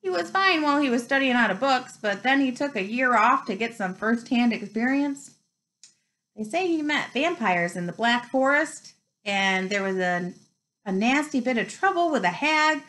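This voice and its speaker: A big, warm-hearted giant of a man from a storybook, talking in clipped, folksy bursts voiced by a woman reading aloud. The delivery bounces with lively pitch. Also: normal speed. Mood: chatty. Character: giant gruff friendly male groundskeeper.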